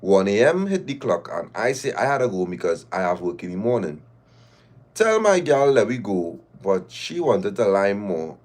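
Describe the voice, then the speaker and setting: A man's voice: fairly low pitch, big pitch swings, moderate pace, a little mellow. A man, hosting a live show and reading listener stories aloud with laughing, mock-outraged asides.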